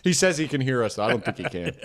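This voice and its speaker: A man's voice: medium pitch, big pitch swings, rapid-fire, slight background noise. A man co-hosting a podcast in casual comedic chat, profane and jokey. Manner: profane, jokey, slips into goofy impressions. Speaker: podcast co-host.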